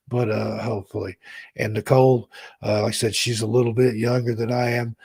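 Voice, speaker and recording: A man in his fifties from the American South, hosting a casual live stream, chatting warmly and reading out viewers' names. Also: mid-range voice, little pitch movement, fairly quick, vocal fry, husky. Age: 50s. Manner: rambling, heartfelt, reads chat names aloud. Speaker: host.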